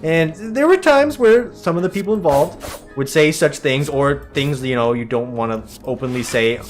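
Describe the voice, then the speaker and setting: A man's voice: fairly high pitch, moderate pace, soft background music. A young man giving rambling, jokey commentary while playing a game, acting out what his friends say. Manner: chatty, animated, jokey, acts out quoted friends. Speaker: streamer and let's-play host.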